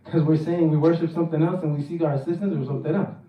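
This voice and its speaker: A man's voice: fairly high pitch, fairly even intonation, very fast, highs cut off. A man teaching a Quran recitation workshop, drilling pronunciation and repeating words for the class to echo. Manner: chants the verse in a melodic recitation. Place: mosque hall. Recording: roomy echo, mic at a distance.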